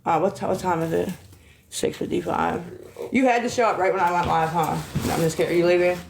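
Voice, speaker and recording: A woman's voice: on the low side, steady tone, fast talker, gravelly, background noise. A woman livestreaming on her phone, ranting in an agitated, profane way and rambling between topics. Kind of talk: rambling live-stream talk.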